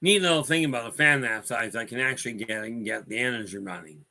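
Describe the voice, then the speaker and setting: A man's voice: mid-range voice, fairly quick, sharp tone. A man hosting a spiritual talk stream, rambling through stories and calling out viewers by name. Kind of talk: casual talk answering viewer chat.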